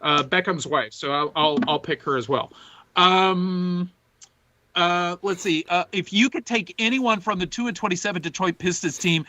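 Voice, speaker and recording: Here the sports podcast co-host speaks at a normal speed in a high-pitched, pushed, bright voice, with the top end of the sound clipped. Reading chat off the screen at his desk mic, he spins long, meandering stories packed with fillers and false starts in a relaxed conversational way.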